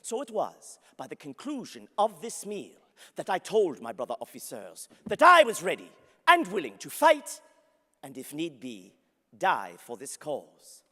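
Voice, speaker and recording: A man's voice: a little high, wildly swooping pitch, measured pace, bright, forceful tone, full character voice. A man playing an ardent, flamboyant young French nobleman, telling his story grandly to the audience and laughing often. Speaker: historical character interpreter. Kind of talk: theatrical first-person historical storytelling. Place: large convention hall before an audience. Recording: long reverb of a large hall.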